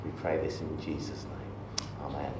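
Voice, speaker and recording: A man preaching a sermon in a church, relaxed and conversational, leading into stories with asides to the congregation. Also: a bass voice, unhurried, heavy background noise. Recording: echoey church from far off.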